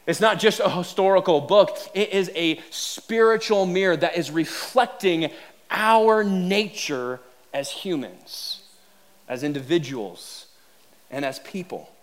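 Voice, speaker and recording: A man with a higher-than-usual voice, preaching to his congregation. He tells comic, self-deprecating stories with animated energy before turning to a serious point. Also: slow pace. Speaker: pastor. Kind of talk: sermon.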